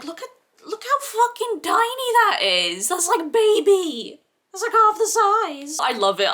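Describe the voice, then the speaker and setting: A woman, reviewing makeup in a casual, gushing vlog, sounding slightly hoarse and filling her talk with "like". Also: mid-range voice, fairly bright tone. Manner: gushing, chatty, heavy use of "like" as filler. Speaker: beauty vlogger. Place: seated at home.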